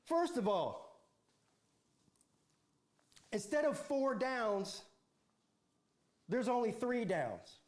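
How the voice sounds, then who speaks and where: A man's voice: very high voice, big pitch swings, very slow, pauses often, darkish tone. A man hosting a football livestream, ranting in a mocking, sarcastic way and rambling with restarts. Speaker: football channel host.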